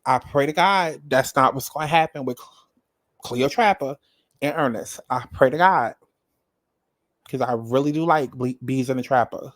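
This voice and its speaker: A man's voice: mid-range voice, moderate pace, long pauses, a bit bright, no room sound. A man giving casual, sassy commentary on a reality show, dramatic and profane, addressing the viewer directly.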